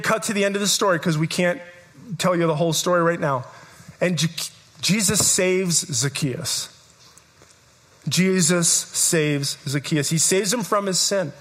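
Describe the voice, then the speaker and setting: Bright-voiced emphatic preacher man. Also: sits high, fairly even intonation, brisk. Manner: emphatic, repeats phrases, builds to shouts. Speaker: pastor. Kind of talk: live sermon. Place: church service, in front of a congregation.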